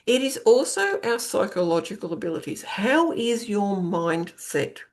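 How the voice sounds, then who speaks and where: A middle-aged woman delivers a spoken self-help monologue as a podcast host. She coaches her listeners in a conversational way, circling back and repeating phrases to drive each point home, with a voice of ordinary pitch for a woman. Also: sing-song, a little slow.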